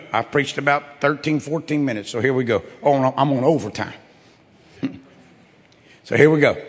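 A male pastor preaching to his church in a folksy, repetitive way that swells into loud bursts. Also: mid-range voice, breathy edge, in a large hall. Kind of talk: sermon with altar call. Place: church sanctuary.

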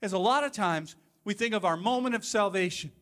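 A man preaches with a high, forceful voice, talking to his congregation as if in conversation and pressing his points with emphatic asides. His words ring out with a long reverb, as in a big church hall. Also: brisk. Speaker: pastor. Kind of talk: sermon.

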